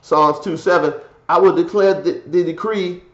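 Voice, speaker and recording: A man preaching a fiery scripture sermon, swinging from loud declaiming to low muttered asides. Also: fairly even intonation, normal speed, roomy sound, muffled recording.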